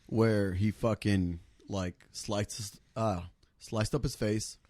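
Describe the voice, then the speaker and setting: A man's voice: lowish voice, steady tone, slow pace, darkish tone, dry recording. A man hosting a casual podcast chat over drinks, rambling with plenty of swearing, fillers and restarts. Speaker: podcast host.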